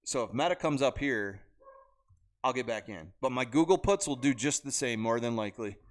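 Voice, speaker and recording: Guy on a home livestream, loose blunt chat about trades, mid-pitched voice, computer mic. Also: lively intonation, normal speed. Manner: loose, blunt, rambling talk with chat asides. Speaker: livestream host talking stock trades.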